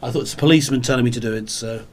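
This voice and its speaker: A man's voice: mid-range voice, racing, slight background noise. A man co-hosting a casual chat show, telling long rambling stories with dry, pedantic wordplay. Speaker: podcast co-host.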